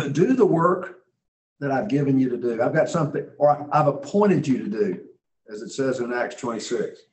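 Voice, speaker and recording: A man teaching a Bible study lesson in a folksy, conversational way, often clearing his throat. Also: medium pitch, animated, normal speed, a little mellow. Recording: roomy echo.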